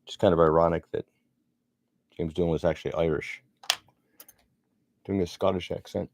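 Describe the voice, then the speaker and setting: A man's voice: low voice, flat delivery, moderate pace, creaky, darkish tone, no echo. A middle-aged man chatting casually and rambling as he narrates his sculpting work. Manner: rambling, chatty, self-deprecating. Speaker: sculptor vlogger.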